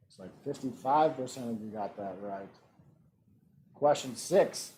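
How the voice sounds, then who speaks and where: A man hosting an online trivia game. He reads out multiple-choice questions and adds relaxed joking asides. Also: mid-range voice, measured pace, a little hiss or hum. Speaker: trivia quiz host.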